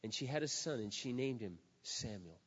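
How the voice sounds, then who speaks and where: A middle-aged man preaches a sermon from the pulpit. He leans hard on key words, then drops to a hush. His voice echoes through a large hall on a dull, lo-fi recording. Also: medium pitch, expressive, husky. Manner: emphatic, drawn-out stresses, shifting from loud to hushed. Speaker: pastor.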